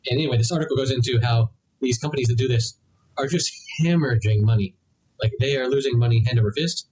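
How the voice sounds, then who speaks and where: A man's voice: mid-range voice, fast, a little mellow, breathy edge, rough recording. A young adult man co-hosting a podcast, chatting casually and rambling through his points with many restarts. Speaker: podcast co-host. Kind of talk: casual chat.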